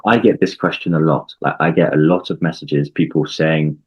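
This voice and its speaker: A man from the UK, an English coach, explaining things in a measured way in a conversational interview, with frequent ums and restarts. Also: extremely low pitch, breathy edge, highs cut off.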